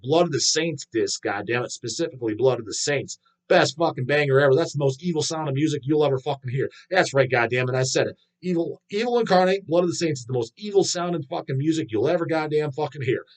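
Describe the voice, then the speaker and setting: A middle-aged man hosting a livestream, ranting in a swaggering, foul-mouthed, mocking way. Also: medium pitch. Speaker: livestream host. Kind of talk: profane casual rant.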